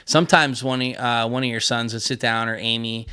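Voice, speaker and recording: A man's voice: mid-range voice, steady tone, a little fast, bright, forceful tone, clear, resonant tone. A man hosting a podcast in casual conversation, rambling and self-deprecating, often laughing at himself. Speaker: podcast host.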